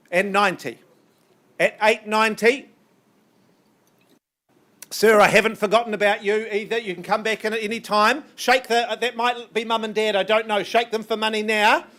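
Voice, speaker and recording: A man working as an auctioneer, calling bids in a brisk, coaxing patter with banter, his voice strained and getting worn. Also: high voice, steady tone, sharp tone. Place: auction room.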